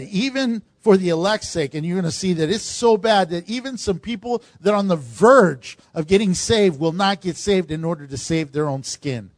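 A man with a high voice preaches a sermon, lively and conversational, slipping into little acted voices for the people he quotes. The sound is dry and close, with no room around it. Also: no echo. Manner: animated, acts out quoted voices of congregants. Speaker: pastor.

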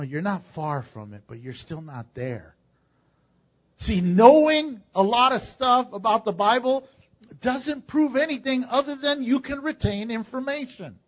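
An older man preaching a sermon as pastor, animated and joking, with sudden loud bursts. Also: high voice, muffled recording. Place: church.

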